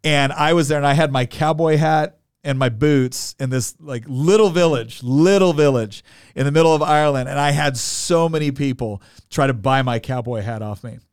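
A man's voice: fairly high pitch, normal speed, clean tone, dry recording, studio quality. An American man in his forties, chatting as podcast co-host and telling stories with lots of fillers. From United States. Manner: rambling storyteller, many fillers and restarts. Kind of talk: casual chat.

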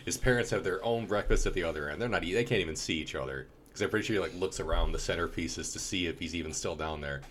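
A man's voice: deep voice, fast, hardly any pauses, a bit bright, slight background noise. A man in casual conversation about a movie, laid-back and dry. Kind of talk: casual movie review chat.

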